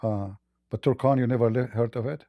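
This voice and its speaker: A man hosting a live call-in debate, speaking haltingly with repeated words and blunt, probing questions. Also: medium pitch, fairly even intonation, dry recording, dull audio. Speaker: debate host.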